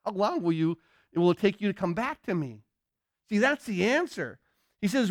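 A man's voice: high voice, expressive, moderate pace, no room sound, clean studio sound. A male pastor preaching a sermon, firing questions and answering them himself, repeating key phrases. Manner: emphatic call-and-response questioning, repeats himself.

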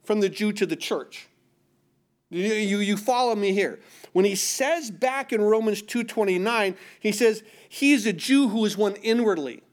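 A middle-aged man preaching a sermon, asking the congregation questions and answering them with emphasis. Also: high-pitched. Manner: call-and-response questions, emphatic. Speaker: pastor.

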